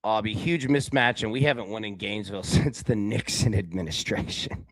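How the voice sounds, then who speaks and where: A man hosting a live sports betting talk show, chatting casually and addressing viewers by name, swinging between loud excited bursts and quiet low asides. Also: fairly quick, no room sound. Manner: talks directly to chat viewers by name. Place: indoor room with a window.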